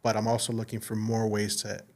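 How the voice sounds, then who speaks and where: A man's voice: on the low side, monotone, fairly quick. A man, a business owner guest, telling personal stories in a casual interview, earnest and full of fillers. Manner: earnest, faith-driven, speaks with restarts and fillers. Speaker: podcast guest, insurance agency owner. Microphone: studio mic.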